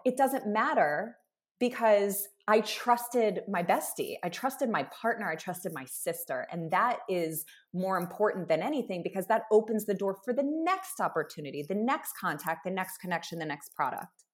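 A woman's voice: medium pitch, expressive, normal speed. A woman guest in an interview, a business co-founder speaking earnestly and emphatically, building her points in long lists. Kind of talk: heartfelt conversational interview.

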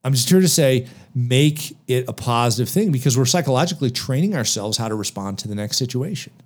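A man talks with a lively, swooping voice that rises and falls a lot as he drives his points home. He asks himself questions and answers them. It is the energetic delivery of motivational podcast talk. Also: medium pitch, fairly quick. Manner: emphatic, animated, rhetorical questions. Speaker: podcast guest author.

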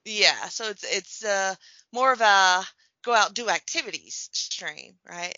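A woman talking as a podcast guest, her voice very bright and sharp. She is chatty and quick to laugh, sprinkling in "like" as she explains. The audio is dull and lo-fi, close and dry. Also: medium pitch, dry recording. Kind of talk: casual podcast chat.

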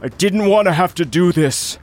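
A man's voice: high voice, animated, normal speed, soft background music, pitched above the performer's own voice. A man voicing a grandiose, immortal male dragon villain in a tabletop game, talking theatrically and exasperated.

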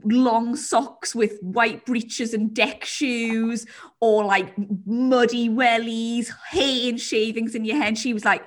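A woman's voice: a little high, slow. A woman hosting a podcast, telling stories in a casual chat and laughing often. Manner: giggly, animated storytelling with lots of laughter. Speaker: podcast host.

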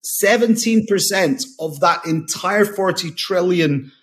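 A man's voice: high-pitched, takes it slowly. A man, a company founder, talking casually and enthusiastically as a podcast guest, often restarting and repeating words. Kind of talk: casual interview talk.

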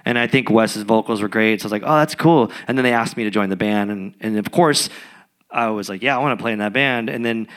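A man, a musician guest, telling stories in a rambling, animated way with many restarts during a live podcast interview. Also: lowish voice, fast talker. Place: recording studio with live audience.

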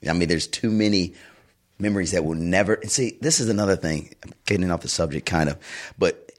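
Middle-aged male podcast co-host, deep voice, loose rambling anecdotes. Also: fairly quick. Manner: rambling, warm storyteller with restarts and asides. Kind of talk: casual chat, personal storytelling.

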